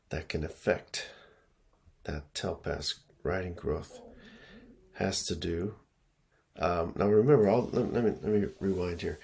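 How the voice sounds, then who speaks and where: Low, gravelly-voiced man teaching slowly. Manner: relaxed, repeats himself, lots of fillers and "okay?" checks. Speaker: education consultant. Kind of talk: casual teaching talk.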